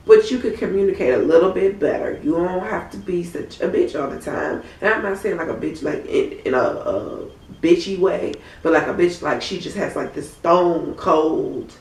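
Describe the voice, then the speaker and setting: Hoarse, sassy woman in a roomy space. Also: lowish voice, expressive, moderate pace, darkish tone. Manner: blunt, sassy, chatty. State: hoarse from a cold. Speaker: TV episode reviewer. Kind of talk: casual recap commentary. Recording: roomy, from a distant mic.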